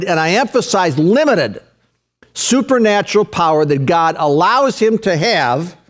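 A middle-aged man preaching a sermon with emphatic delivery, repeating key phrases for weight. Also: a little high. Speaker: pastor.

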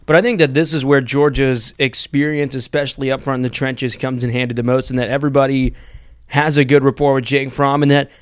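Smooth-voiced young man breaking down football. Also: mid-range voice, brisk, dry recording, clean studio sound. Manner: steady, thinks aloud in long run-on points. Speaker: student sports podcast co-host. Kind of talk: sports analysis chat.

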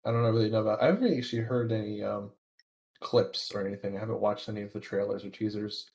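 A man's voice: fairly low pitch, fast talker, darkish tone. A man chatting casually as a podcast guest, hesitant with many ums and restarts. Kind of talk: casual chat.

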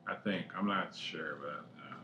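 A man's voice: a bass voice, unhurried, pushed and bright, a little hiss or hum. A man co-hosting a casual chat, emphatic and slangy with plenty of swearing. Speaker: podcast co-host. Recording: echoey room.

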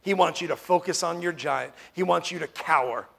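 A man from New York preaching a sermon as pastor, emphatic, swinging from loud declarations to hushed tones and asking the room "Amen?" often. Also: a little high, a little fast, gravelly, breathy edge.

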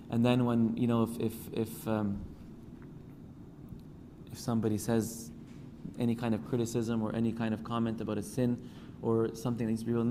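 A man's voice: mid-range voice, level tone, a little fast, pauses often, noisy background. A male priest giving a sermon, building emphasis and acting out the people he quotes. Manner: preaching with rising emphasis, acting out quoted voices. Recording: church hall reverb, faint ambience.

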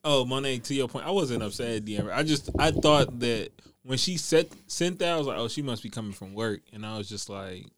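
Laid-back man with an animated voice. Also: mid-range voice, fairly quick. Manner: laid-back, joking, storytelling. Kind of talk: casual chat.

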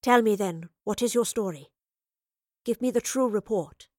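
A woman reading aloud and voicing a calm, curious travelling professor who speaks in a measured, careful way. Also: mid-range voice, no echo, studio quality, natural voice.

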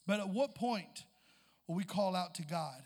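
High-voiced impassioned male preacher in a reverberant hall. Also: lively intonation, a little slow. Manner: impassioned, building to near-shouts with church interjections. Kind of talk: sermon.

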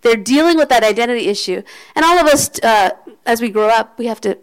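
A woman's voice: a little high, expressive, a little fast, clear, resonant tone, low-quality recording. A woman with an American accent giving a candid talk to an audience, conversational, with restarts and asides. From United States. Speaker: speaker.

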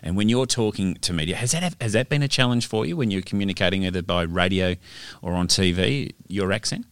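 Man, low voice, dry studio sound, podcast co-host, jokey. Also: brisk, no echo. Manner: jokey, rambling, puts on slang for laughs. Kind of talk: casual podcast chat.

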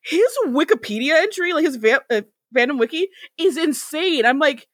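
A woman co-hosting a podcast, giggly and excited, often restarting her sentences. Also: high-pitched, normal speed, no room sound, studio quality. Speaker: podcast co-host. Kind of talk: casual TV recap chat.

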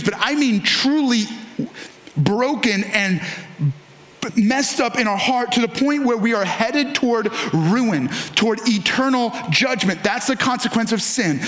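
A man preaching a sermon as pastor, earnest and emphatic, slowing down to stress key lines and repeating them. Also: high-pitched, fairly bright tone. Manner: earnest, emphatic preaching with dramatic slowdowns and repetition.

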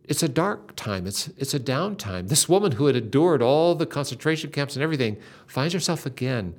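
An older man telling a faith story in an earnest, dramatic way, with lively shifts in emphasis. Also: mid-range voice, fairly quick.

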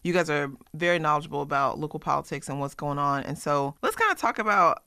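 Lively, slangy woman radio host. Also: low voice, fast talker, clear, resonant tone, dry recording, studio quality. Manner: lively, slangy, laughs often. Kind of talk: casual talk radio chat. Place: community radio studio.

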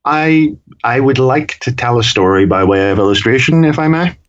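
A man's voice: medium pitch, animated, normal speed. A man with a Northern Irish accent, co-hosting a casual podcast chat and rambling with frequent self-corrections. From Northern Ireland. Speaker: podcast co-host. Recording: dull lo-fi sound.

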